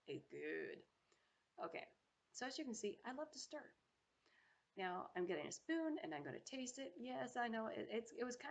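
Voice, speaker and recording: Chatty woman with a gravelly low voice. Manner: chatty and playful, talks to viewers directly; hums approval while tasting. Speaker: home cooking vlogger. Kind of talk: casual voice-over narrating her cooking footage. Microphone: home microphone.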